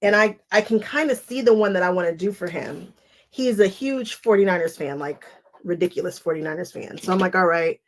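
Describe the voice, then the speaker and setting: A woman's voice: lowish voice, a little fast. A woman hosting a quilting live stream, chatting casually and laughing often as she wanders off on tangents while cutting fabric at home. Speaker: quilting channel host. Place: home sewing space.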